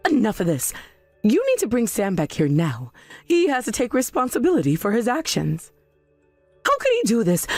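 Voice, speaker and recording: A woman plays an indignant middle-aged mother in a storybook drama, defensive and quick to shift blame. Her voice sits a little high and swings widely, recorded dry and close. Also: darkish tone, dry recording, heavily acted.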